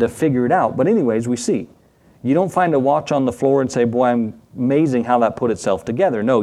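A man's voice: medium pitch, darkish tone. A middle-aged man delivers a teaching sermon as a pastor. He keeps it conversational, tossing questions to the congregation. Now and then he acts out small scenes in quoted voices. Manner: conversational, asks the congregation for responses.

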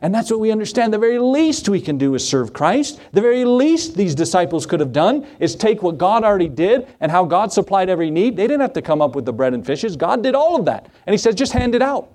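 A male pastor delivering a lively sermon in a voice pitched a touch above the usual. He asks the congregation questions and drops into casual asides between the scripture passages. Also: fairly quick, hardly any pauses. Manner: animated preaching that acts out the quoted voices; conversational asides and rhetorical questions.

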